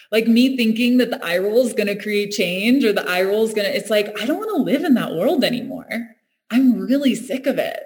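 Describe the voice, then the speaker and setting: Woman talking thoughtfully in a casual chat, earnest, laughs a lot, restarts her lines. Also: mid-range voice. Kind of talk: reflective casual conversation.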